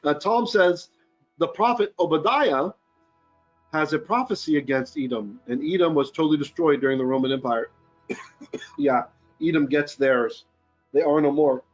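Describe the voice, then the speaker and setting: A man teaching a live scripture lesson in a fairly high voice, animated and joking with his audience. He keeps checking in with his listeners as he explains, and faint music sits under his talk. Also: normal speed, long pauses. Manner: animated, jokey teaching with frequent "right?" asides. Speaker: rabbi teaching Torah. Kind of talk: live-streamed Bible lesson. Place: Philippines.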